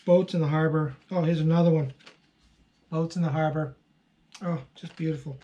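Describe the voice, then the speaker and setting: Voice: medium pitch, fairly even intonation, normal speed, warm tone, muffled recording. Gushing, chatty postcard seller. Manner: chatty, gushing over each card, frequent fillers. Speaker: online postcard seller and channel host. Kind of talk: casual unboxing commentary.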